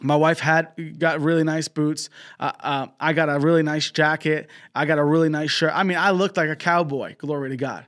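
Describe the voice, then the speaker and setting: A man's voice: a little high, fairly even intonation, moderate pace, a bit bright. A traveling male preacher telling a personal story and appealing for donations in a fervent broadcast sermon, often breaking in with praise. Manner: fervent, peppered with exclamations of praise; storytelling with quoted dialogue.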